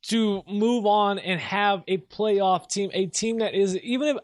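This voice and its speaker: A young man hosts a solo sports podcast, ranting and rambling casually while poking fun at himself and laughing often. His high voice is recorded with studio quality and no echo.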